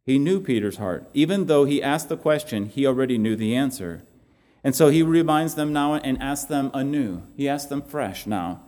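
Earnest preacher in a reverberant hall. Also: male voice, medium pitch, a little mellow. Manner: earnest, halting with repeated restarts. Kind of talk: sermon.

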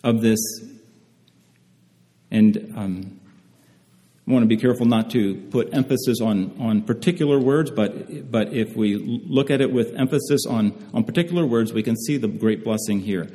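A man delivering a sermon in a mellow, dark-toned voice, reading scripture slowly with careful emphasis. He often pauses and restarts his phrases. His voice rings with a long hall reverb. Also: lowish voice. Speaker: preacher.

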